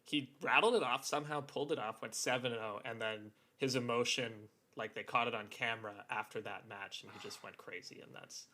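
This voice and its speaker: A man co-hosting a podcast, telling stories in a relaxed casual way with plenty of filler words. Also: mid-range voice, fairly quick, few pauses. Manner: relaxed storytelling, lots of "like" fillers. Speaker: podcast co-host. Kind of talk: casual chat.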